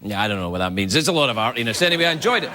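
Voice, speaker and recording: A man hosting a late-night talk show, delivering an animated, joking comedy monologue on a TV studio stage. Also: medium pitch, very fast. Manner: animated, joking, jumps into silly voices. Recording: loud studio audience laughter and noise.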